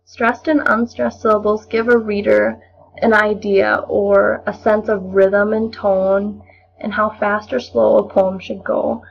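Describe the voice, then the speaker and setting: Young woman explaining a poem, steady and a bit gravelly, dull lo-fi sound. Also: mid-range voice, a little hiss or hum. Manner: measured, explanatory, occasional restarts. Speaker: student presenter. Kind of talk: poetry analysis lesson. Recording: dull lo-fi recording.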